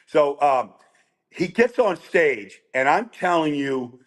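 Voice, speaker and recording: A middle-aged man telling animated, rambling stories as a guest on a chat show. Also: a little high, slow pace. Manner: animated, rambling with restarts and quoted voices. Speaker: guest storyteller. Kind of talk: casual storytelling chat.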